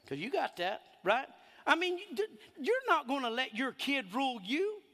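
A man preaching a sermon, animated and emphatic, drawing in the congregation. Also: very high-pitched, moderate pace, in a large hall.

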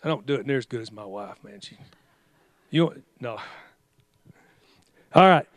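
A man's voice: medium pitch, lively intonation, unhurried, no echo. A male pastor preaching a fiery sermon, exhorting his congregation with call-and-response commands.

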